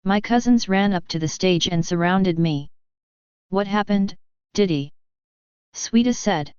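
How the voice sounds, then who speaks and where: Brief: female first-person audiobook narrator, measured and fairly low-pitched; dry, dull recording. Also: a little mellow, clean tone, dry recording.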